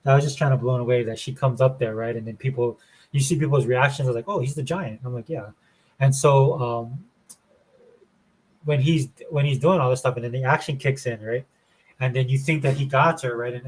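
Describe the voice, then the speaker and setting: A man's voice: mid-range voice, breathy edge, rough recording. A man from Florida hosting a casual gaming show, rambling with enthusiasm and saying "dude" and "man" often. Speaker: show host.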